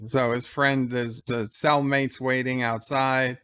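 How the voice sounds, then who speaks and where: Smooth-voiced man recapping an episode live. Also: medium pitch, slow. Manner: casual retelling, quoting lines in his own voice; excited play-by-play of the scene. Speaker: host of a live episode commentary.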